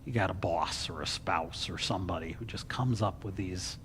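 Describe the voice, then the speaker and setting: A man's voice: sits low, moderate pace, a bit bright, a little hiss or hum. Chatty deacon man teaching scripture. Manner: chatty and joking, with everyday asides. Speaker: deacon teaching a Bible class. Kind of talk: casual Bible study teaching.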